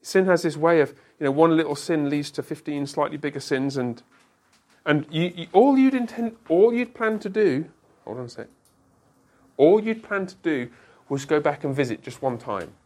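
A man teaching an interactive Bible study, asking the group questions and explaining with quick asides. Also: a little high, expressive, a little mellow.

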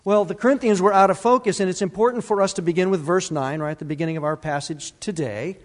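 Pastor, male, emphatic sermon delivery with repeated words, higher voice, long church reverb. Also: quick pace. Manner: emphatic, repeats key words, asks the congregation questions. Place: church sanctuary.

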